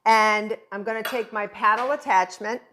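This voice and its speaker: A chatty, enthusiastic woman in middle age walks viewers through a cake recipe in her kitchen. She talks in an easy, gushing way, with a voice of ordinary pitch for a woman. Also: steady tone, normal speed, pushed and bright, a little hiss or hum. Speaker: baking instructor. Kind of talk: home baking tutorial.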